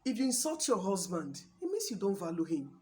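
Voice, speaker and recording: A woman's voice: on the low side, very animated, brisk, a little mellow, a little hiss or hum. A Nigerian woman hosting a show, giving emphatic, preachy marriage advice and repeating her points for stress. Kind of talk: talk show address.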